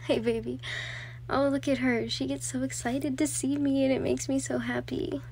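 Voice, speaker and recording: A woman's voice: sits high, level tone, normal speed, a little mellow, a little hiss or hum. A young woman doing an ASMR girlfriend role-play, cooing in sweet baby talk. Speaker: ASMR creator.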